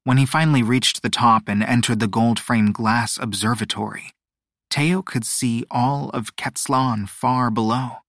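Male narrator for a fantasy audiobook; even, descriptive, mid voice, dry booth sound. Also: mid-range voice, a little slow, no room sound. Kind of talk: scripted narration.

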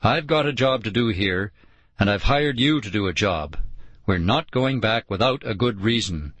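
A man's voice: fairly low pitch, lively intonation, normal speed, fairly bright tone, no room sound. A man voicing a stubborn, commanding father on a snowy expedition, in an audiobook. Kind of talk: audiobook character voice.

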